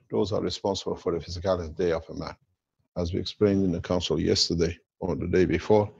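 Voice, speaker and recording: A man giving a rambling spiritual lecture, explaining slowly in non-standard English. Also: low voice, creaky, a little mellow, husky, no echo, dull audio. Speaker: workshop lecturer.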